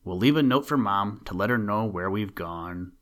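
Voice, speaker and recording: A man's voice: on the low side, moderate pace, natural voice. A man voicing a grave scientist father. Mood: firm. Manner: grave, steady. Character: stern calm adult male scientist father. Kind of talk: storybook reading.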